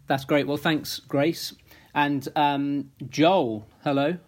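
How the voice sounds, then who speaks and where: A man's voice: on the high side, steady tone, slow pace. A male host running a casual interview, friendly and teasing, with lots of fillers. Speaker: podcast host.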